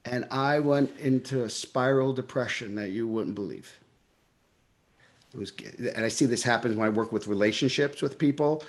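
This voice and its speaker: A middle-aged man with a New York accent, telling stories in an interview and acting out his own past dialogue with lively energy. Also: medium pitch, normal speed. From Brooklyn, New York. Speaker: guest. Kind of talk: storytelling in a casual interview.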